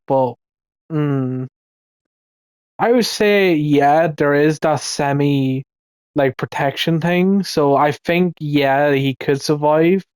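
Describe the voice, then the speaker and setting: A man's voice: a little high, a little mellow, clear, resonant tone, no room sound. A man giving casual, ranting commentary in a rambling way, swearing often and restarting his sentences. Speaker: video commentator.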